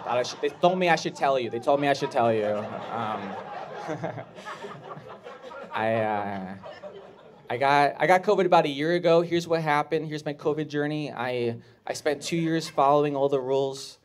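A man doing a stand-up comedy set, talking in an awkward, halting way with restarts and jumping up into shrill voices when he quotes people. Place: comedy club stage with live audience. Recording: clear live audience laughter.

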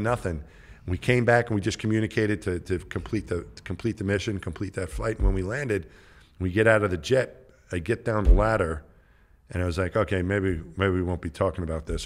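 A man around sixty, a podcast guest, telling a casual story in a rambling, conversational way and acting out what others said. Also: lowish voice. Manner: acts out others' lines in quoted voices. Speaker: podcast guest, former astronaut.

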